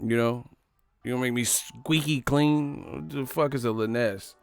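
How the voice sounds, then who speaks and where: A man's voice: medium pitch, moderate pace, vocal fry, clean tone, no room sound, faint music behind. A man from the Bay Area hosting a livestream, riffing in casual, profane slang. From San Francisco Bay Area. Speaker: livestream host.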